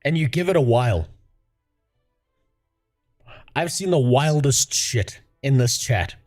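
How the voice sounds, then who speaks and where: A man's voice: medium pitch, lively intonation, slow, darkish tone, soft background music. A man chatting casually on a livestream, profane and rambling, talking to his viewers. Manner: profane, rambling, laughs often. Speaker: streamer.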